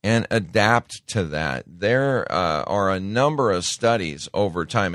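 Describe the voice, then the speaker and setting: A man's voice: low-pitched, normal speed, fairly bright tone, no room sound, clean studio sound. A man giving a casual, conversational sermon, folksy, with many fillers and asides.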